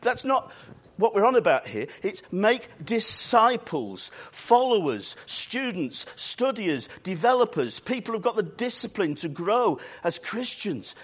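A man preaching a sermon in church, earnest and emphatic, drawing out key words and adding quick asides. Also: high voice, sing-song, a bit bright, slightly rough.

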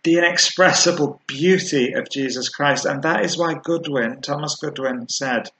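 A man preaching a sermon, earnest and measured, slowing down to stress key words. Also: on the high side, pushed and bright, a little hiss or hum, poor audio.

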